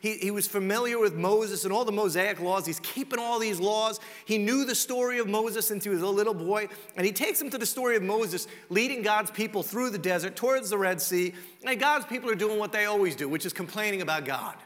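A male pastor preaching a sermon, swinging between loud and hushed and slowing down to stress points. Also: sits high. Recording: long reverb of a large hall.

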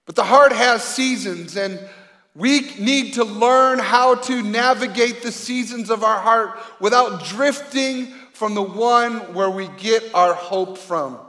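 A male pastor preaches in an earnest, conversational way, asking the congregation questions. His voice sits high for a man. The sound carries a long reverb from a large hall. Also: a bit bright. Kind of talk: sermon.

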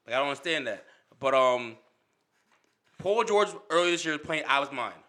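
A man's voice: medium pitch, animated, a little fast, pushed and bright. A man in a casual sports debate who talks animatedly, laughs often and repeats himself.

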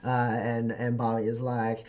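Rambling game master, full of fillers. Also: male voice, mid-range voice, completely flat delivery, unhurried, a little mellow, muffled recording. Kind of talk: narrating a tabletop game.

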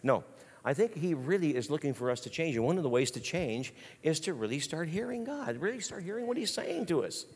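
A man preaching an animated sermon, telling stories in a lively, casual way. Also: fairly high pitch, a little fast, husky. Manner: lively, storytelling, casual slang. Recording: long hall reverb.

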